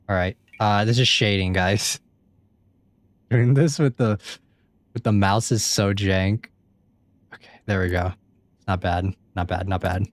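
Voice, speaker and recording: Laid-back lowish-voiced gamer guy. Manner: joking, self-deprecating, swears freely. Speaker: gaming YouTuber. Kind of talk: casual gameplay commentary.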